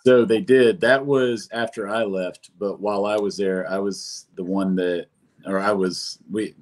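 Deep-voiced man chatting with fillers. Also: fairly even intonation, a little slow. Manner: rambling, with many fillers and restarts. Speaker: brewery co-founder guest. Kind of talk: casual chat.

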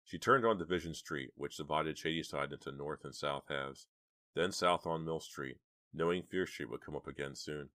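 A man narrating an audiobook in a measured, steady way. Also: a bass voice, no echo, clean studio sound.

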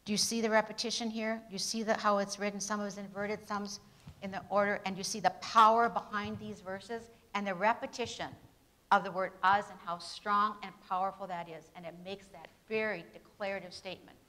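A woman leads a grammar lesson built on Bible verses. Her voice is bright and clear, and she keeps calling out questions to her class and answering them herself. She gives the key words firm emphasis. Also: medium pitch, steady tone, a little fast, poor audio.

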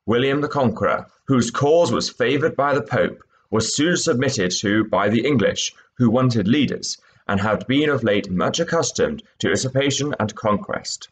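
A man's voice: medium pitch, expressive, moderate pace, hardly any pauses, pitched above the performer's own voice, close to an everyday voice. A man reading aloud and voicing a small, pompous male mouse in a storybook, formal and stern.

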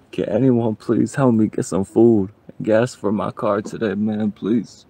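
A man's voice: lowish voice, fairly even intonation, gravelly, dark tone, breathy edge. A man chatting casually on his livestream, pleading for donations and joking along the way. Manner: pleading and joking, slow drawl.

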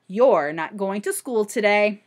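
A woman's voice: animated, measured pace, close to an everyday voice. A woman voicing a fretting, alarmed mother who exclaims and gives orders. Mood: alarmed, bossy. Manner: shrill and exclaiming.

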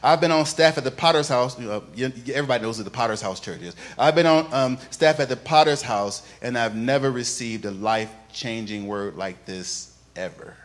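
A male pastor preaching a sermon, moving from quiet, conversational telling to loud, sing-song preaching and calling on the congregation to repeat after him. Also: mid-range voice, a little fast, hardly any pauses. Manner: calls on the congregation to repeat phrases.

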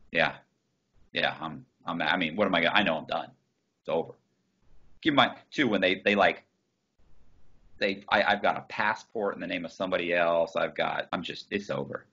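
Guy telling a story on a call, husky voice, dull muffled audio, swears a lot. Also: deep voice, fairly bright tone. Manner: swearing, restarts, quoting others in his telling. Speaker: interview guest. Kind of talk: casual storytelling.

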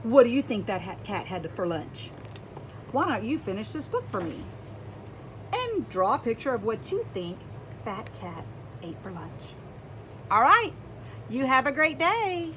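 A woman reading a children's picture book aloud, animated and exclaiming, asking her young listeners questions. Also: fairly high pitch, unhurried, pauses often, slight background noise. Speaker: children's storybook reader.

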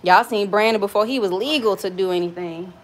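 A woman's voice: mid-range voice, brisk, a little hiss or hum. A young adult woman with a Southern US accent, chatting casually and frankly while cooking in her home kitchen, telling stories and swearing freely. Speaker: cooking vlogger.

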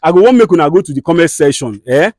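A man with a Nigerian accent who hosts a comedy skit, scolding and soothing people in fast, direct talk. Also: on the high side, lively intonation, a little mellow, no echo, studio quality. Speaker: skit host and mediator.

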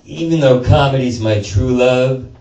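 A man's voice: mid-range voice, unhurried, dark tone, a little hiss or hum. A man doing a rambling, profane stand-up set with lots of stammered restarts, in a small performance space. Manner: rambling, profane, self-interrupting. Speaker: stand-up comedian. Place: small performance space before a live audience. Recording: roomy live sound from a distant mic with crowd laughter.

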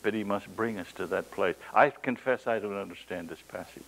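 Gravelly, animated male preacher. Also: lowish voice, a little fast, slight background noise, poor audio. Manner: animated, dramatic voice swings with chuckles; folksy storytelling asides. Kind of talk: sermon.

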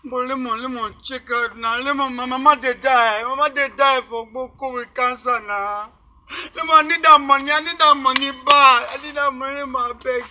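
A man's voice: steady tone, fairly quick, bright, forceful tone, a little hiss or hum, heavily acted. A desperate, pleading young village man with a Pidgin accent. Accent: Nigerian Pidgin. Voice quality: high, pleading, insistent. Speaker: Tio, a young man from Gboko. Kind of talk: Nollywood film acting.

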